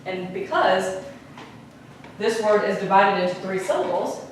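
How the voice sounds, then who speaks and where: Female teacher, mid pitch, classroom lesson, recorded from a distance in a hallish room. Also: moderate pace, very echoey, a little hiss or hum. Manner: asks the class questions, repeats key points. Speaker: Spanish teacher.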